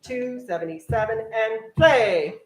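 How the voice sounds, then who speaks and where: Brisk woman teacher counting off strings. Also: on the high side, lively intonation, far from the mic, loud music behind the voice. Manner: brisk, counting off and coaching players. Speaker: orchestra teacher. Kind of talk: directing a string rehearsal. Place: rehearsal room with string players. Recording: echoey room, voice from afar, strings playing.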